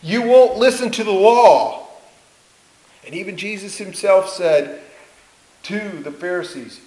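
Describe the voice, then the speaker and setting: A man's voice: high-pitched, animated, unhurried, pauses often, darkish tone. A man preaching a sermon, telling a story earnestly, asking rhetorical questions and acting out the people he quotes. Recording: roomy echo.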